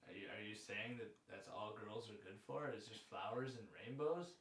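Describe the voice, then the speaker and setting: A man's voice: lowish voice, moderate pace, a bit bright. A man co-hosting a casual podcast, dropping dry, teasing one-liners. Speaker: podcast co-host. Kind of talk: casual chat. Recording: roomy echo.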